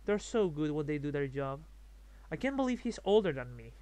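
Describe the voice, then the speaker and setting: A man voicing a seductive, possessive female vampire elder with a soft teasing purr. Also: low voice, very animated, a little fast, dry recording, pitched below the performer's own voice.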